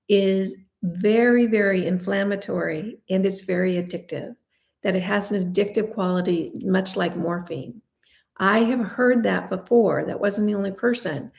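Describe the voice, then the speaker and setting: A woman's voice: medium pitch, vocal fry, a little mellow. A woman in her fifties hosting a casual question-and-answer chat, talking in a chatty, confiding way with self-deprecating asides. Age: 50s. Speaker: beauty channel host.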